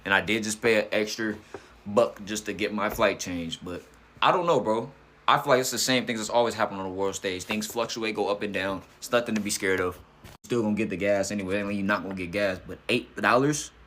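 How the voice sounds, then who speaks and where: A man's voice: fairly low pitch, a little fast, a bit bright, a little hiss or hum. A man chatting casually in a laid-back, slangy way. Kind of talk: casual chat.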